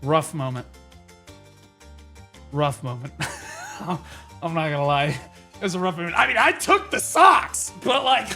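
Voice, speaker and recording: Man, streamer, casual storytelling, animated, sharp bright tone. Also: fairly high pitch, measured pace, pauses often, faint music behind. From United States. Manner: animated, jumps into loud laughing outbursts. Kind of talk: casual storytelling to live chat.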